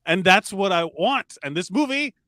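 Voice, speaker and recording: Bright enthusiastic podcast man. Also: high-pitched, lively intonation, moderate pace, dry recording, studio quality. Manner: enthusiastic, storytelling, swears freely. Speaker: podcast co-host. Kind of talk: casual chat.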